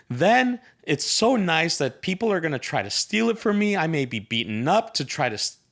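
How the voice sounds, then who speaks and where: A man's voice: high voice, voice pushed up. A man voicing a pessimistic young boy who frets and complains about a gift. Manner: anxious complaining.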